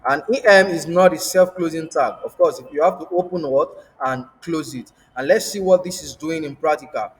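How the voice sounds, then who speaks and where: A man from Africa with a fairly high voice teaches coding via screen share, repeating himself and pausing to throw out rhetorical "what?" questions for the class to fill in. A long reverb makes his voice ring as though he's in a bare room.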